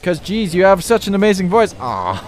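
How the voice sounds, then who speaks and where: High, lively male gaming streamer. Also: normal speed. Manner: animated, jokey, talks to the game. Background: game music.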